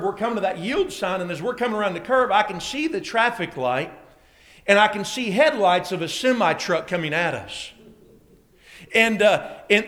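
High bright-voiced preacher man. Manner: storytelling, rising to shouting excitement. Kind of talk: sermon illustration story.

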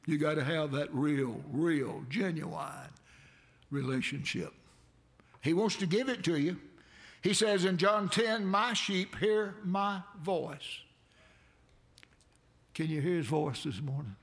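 A man preaching a sermon, with dramatic swells that build to near shouts. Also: animated, unhurried, vocal fry. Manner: dramatic preaching with sudden swells in pitch and loudness.

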